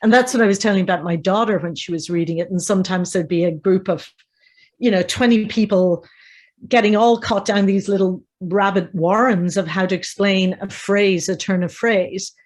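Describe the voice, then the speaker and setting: A middle-aged woman with an Irish accent, talking about books in a casual discussion and telling lively stories, often quoting pub talk. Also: mid-range voice, moderate pace. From Ireland. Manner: animated storyteller, quotes pub talk. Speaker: podcast guest.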